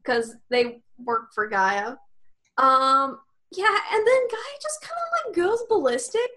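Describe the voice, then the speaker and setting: A woman's voice: high voice, lively intonation, takes it slowly, pauses often, fairly bright tone. A woman co-hosting a podcast, casually recapping a tabletop role-playing session in a rambling, profane way, laughing often and acting out the characters' lines. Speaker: podcast co-host.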